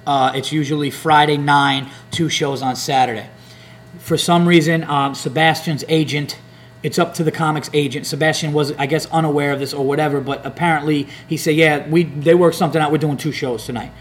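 A man's voice: on the high side, fairly even intonation, fairly quick, a little hiss or hum. A man hosting a podcast, telling a long profane story in casual chat and acting out other people's lines. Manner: rambling, profane, acts out hecklers' lines. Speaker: comedian podcast host.

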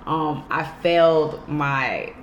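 Candid New woman, lowish voice. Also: slow pace, echoey room, muffled recording, a little hiss or hum. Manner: candid, laughs often, swears freely. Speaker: podcast co-host. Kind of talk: casual chat.

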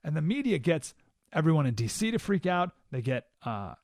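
A male talk radio host delivers an emphatic studio monologue and keeps asking his listeners "right?". His voice sits a bit high for a man, and the mic sound is close and dry. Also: very animated, a little fast, darkish tone, no room sound.

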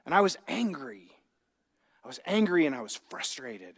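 A man's voice: fairly high pitch, big pitch swings, normal speed, husky. A male pastor preaching a sermon in a conversational way, asking the congregation rhetorical questions. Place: church sanctuary. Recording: long hall reverb.

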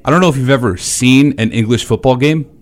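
A man co-hosting a casual wrestling podcast, talking in an animated, blunt way that turns to cursing when he gets worked up. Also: medium pitch, a little fast. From New York. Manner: animated, cursing, reads a letter aloud stiffly. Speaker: podcast co-host.

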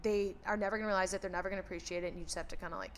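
A woman's voice: mid-range voice, fairly even intonation, racing. A young woman in her twenties chatting candidly on a podcast, swearing freely and restarting her sentences. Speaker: podcast host. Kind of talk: casual podcast chat.

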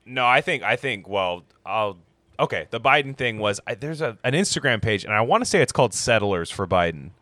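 A man's voice: lowish voice, expressive, fairly quick, bright, forceful tone, no room sound. A man in joking casual chat about politics, slipping into mock voices for laughs.

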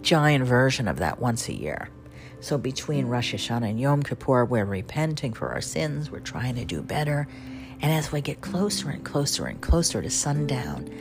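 Chatty low-voiced woman, Southern accent. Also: vocal fry. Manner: chatty, self-mocking, rambling asides. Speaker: radio show host. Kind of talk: casual storytelling monologue. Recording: music playing under the voice.

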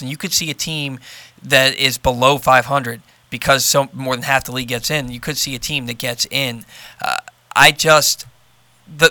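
A man's voice: medium pitch, pushed and bright, no echo. A man hosting a sports podcast from a studio, casual and loose with frequent restarts. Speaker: podcast host.

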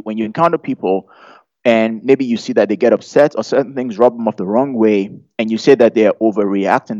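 A man's voice: medium pitch, warm tone, no room sound. A man preaching a conversational sermon, chatty and humorous, often putting questions to the audience. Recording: dull lo-fi sound.

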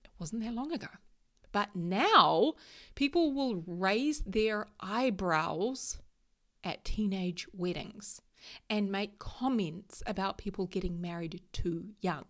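A woman's voice: mid-range voice, expressive, takes it slowly, fairly bright tone. Emphatic woman coaching her listeners. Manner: emphatic, coaching, frequent "right?" check-ins. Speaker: solo travel coach. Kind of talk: motivational talk to listeners.

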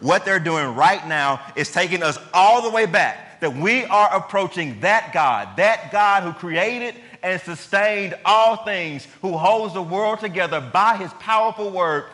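Emphatic preacher in a reverberant hall. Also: male voice, high voice, lively intonation, a little slow, few pauses, sharp tone. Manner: emphatic, conversational preaching with rhetorical questions. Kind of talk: sermon.

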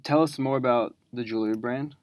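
A host asking quick, teasing questions in a casual interview. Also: mid-range voice, fairly even intonation, a little mellow, dry recording. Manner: teasing, rapid-fire questions.

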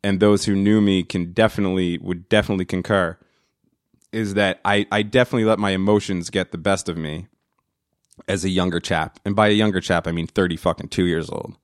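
A man's voice: low-pitched, steady tone, fairly quick, clear, resonant tone, no echo, clean studio sound. Profane rambling podcast host in his thirties. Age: 30s. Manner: profane, rambling, mock-dramatic. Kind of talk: comedic rant. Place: studio.

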